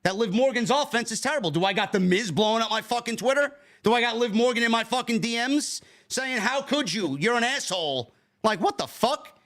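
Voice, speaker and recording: A man's voice: very high voice, brisk, few pauses, a bit bright. A man co-hosting a wrestling podcast, indignantly ranting with profane rhetorical questions. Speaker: podcast co-host. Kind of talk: heated podcast rant.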